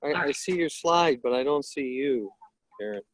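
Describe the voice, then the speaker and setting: A man's voice: mid-range voice, expressive, normal speed, no echo, low-quality recording. A man joining a video call workshop, chatting casually and playfully. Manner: playful, laughs easily. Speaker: webinar participant. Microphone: computer mic on a video call.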